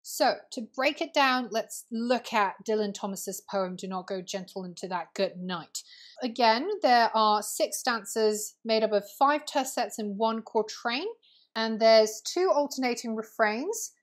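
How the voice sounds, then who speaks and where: Woman teaching in clear patient steps. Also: fairly high pitch, measured pace. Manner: clear, patient, explaining step by step. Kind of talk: explaining lesson to camera.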